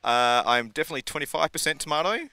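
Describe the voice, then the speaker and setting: Easygoing Australian man, bright lively voice. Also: on the high side, quick pace. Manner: easygoing, joking, a little unsure. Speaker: festival visitor, guest.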